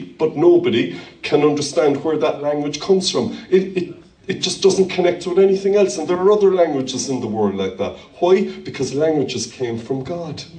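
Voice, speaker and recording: A man's voice: on the high side, a little mellow. A man preaching a fervent sermon as pastor, calling out to his congregation. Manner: fervent preaching with call-and-response. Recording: roomy hall, voice from far off.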